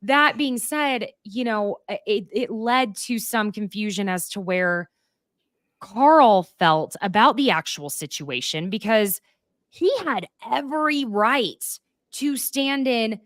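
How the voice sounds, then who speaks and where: A woman's voice: a little high, animated, slow, fairly bright tone, no room sound, clean studio sound. A woman hosting a casual podcast, talking frankly and animatedly and acting out quotes. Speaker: podcast host.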